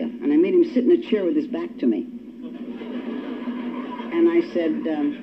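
A woman's voice: on the low side, moderate pace, long pauses. An older woman giving a personal testimony at a recovery meeting, telling her story in a wry, self-mocking way. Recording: dull lo-fi recording with faint hiss.

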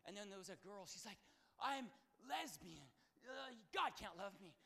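High, bright-voiced animated male preacher. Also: moderate pace, gravelly. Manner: animated, swings from calm to shouting; says "man" often, casual slangy preaching. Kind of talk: sermon with stories.

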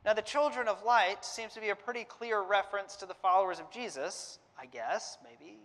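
A man's voice: high voice, moderate pace, fairly bright tone. A man giving a conversational Bible lesson, thinking aloud, hedging and restarting often. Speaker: Bible teacher. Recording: long hall reverb.

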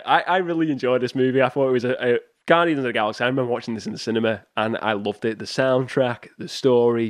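A man's voice: medium pitch, no room sound, clean studio sound. Chatty man hosting a movie podcast. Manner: rambling, with frequent restarts and chuckles. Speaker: podcast host. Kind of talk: casual solo podcast chat about movies.

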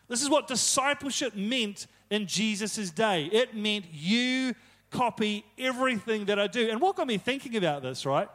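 High-voiced man giving a chatty sermon. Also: a bit bright. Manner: casual, joking asides, retold quotes. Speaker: preacher. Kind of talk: conversational sermon.

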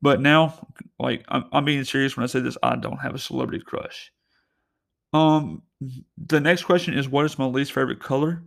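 A man's voice: mid-range voice, fairly even intonation, moderate pace, creaky. A young man hosting his own podcast, telling stories in a loose, rambling way full of fillers and restarts, talking from a parked car. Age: young adult. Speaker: podcast host. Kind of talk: casual solo storytelling.

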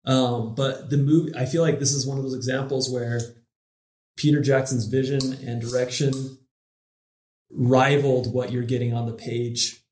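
A man's voice: medium pitch, flat delivery, normal speed, a little mellow, echoey room. A man co-hosting a casual podcast chat, wry and reflective, often restarting his sentences. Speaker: podcast co-host.

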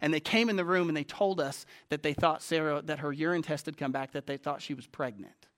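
A male pastor delivering a sermon with a bright, forceful tone and a somewhat high voice. He preaches emphatically, rising to loud declarations and then dropping to a hushed, intimate telling. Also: fairly quick.

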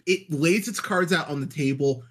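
A man with a somewhat high, husky voice chats casually on a podcast. He is excitable and swears freely. He keeps tripping over his own restarts before landing a point. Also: moderate pace. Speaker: podcast co-host. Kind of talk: casual chat.

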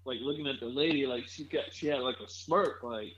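A man's voice: medium pitch, brisk, fairly bright tone, husky, lo-fi sound. A man co-hosting a podcast in laid-back casual chat, often checking facts with "right?". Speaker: podcast co-host.

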